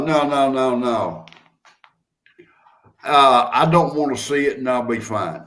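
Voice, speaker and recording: A man's voice: medium pitch, animated, slow, pauses often, a bit bright. An older man chatting casually as a host, telling stories in a folksy, drawling way. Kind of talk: casual chat.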